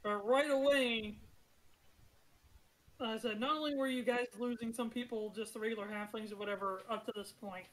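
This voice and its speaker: A woman runs the table as game master with a fairly high voice. She narrates in a loose, chatty way, with fillers and frequent giggles. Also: fairly even intonation, moderate pace, poor audio. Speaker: dungeon master.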